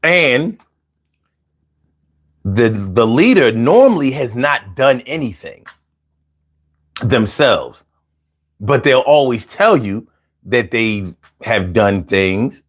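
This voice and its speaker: A man hosting a casual call-in show, animated and playful, chanting lines rhythmically and chatting with viewers. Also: mid-range voice, slow, pauses often. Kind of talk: casual livestream talk.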